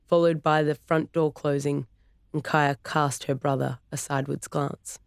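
An audiobook narrator reading scripted narration in an even, clear storytelling way. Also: mid-range voice, normal speed, no room sound, clean studio sound.

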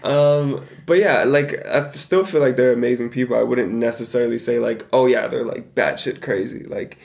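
A young man co-hosting a casual podcast, talking in a relaxed, rambling way with plenty of filler words. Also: medium pitch, normal speed, vocal fry. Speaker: podcast co-host. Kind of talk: casual chat.

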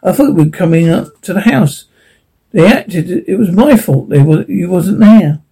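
A man's voice: high voice, expressive, moderate pace, mellow, husky, full character voice, rough recording. A man playing a blustering scared boy. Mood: alarmed. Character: frightened, sulky young boy.

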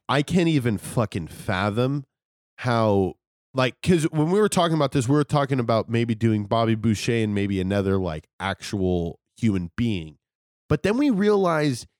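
A man with a mid-pitched voice talks in a laid-back, profane way on a casual podcast, his pitch swinging widely up and down. He sits close to the mic in a dry, dead-sounding space. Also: a little mellow, no echo. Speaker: podcast co-host. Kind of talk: casual chat.

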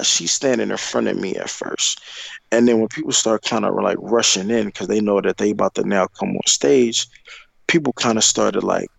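Gravelly low-voiced man rambling a story. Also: dry recording, rough recording. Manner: profane, rambling, full of fillers and restarts; acts out his own heated replies in a higher voice. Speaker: podcast guest telling a dating story. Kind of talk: casual storytelling.

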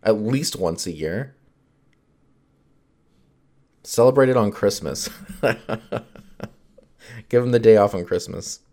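A man's voice: lowish voice, lively intonation, slow pace, long pauses, dark tone. A man hosting his own podcast, rambling in casual chat, full of fillers and swearing and laughing often.

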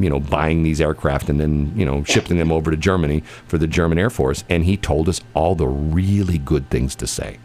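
A middle-aged American man hosts a radio show, telling rambling stories in casual chat, laughing often and restarting his sentences. His voice is extremely low in pitch and a little mellow.

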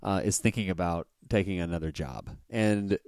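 Male podcast co-host, low voice, loose rambling banter, dry close recording. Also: normal speed, darkish tone, smooth, dry recording. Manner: rambling, joking, many restarts. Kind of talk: casual chat.

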